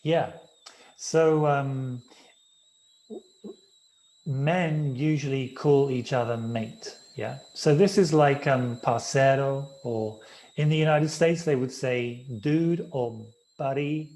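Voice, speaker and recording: A man, slowly and patiently explaining slang words to a class. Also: medium pitch, a little mellow. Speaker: guest English speaker.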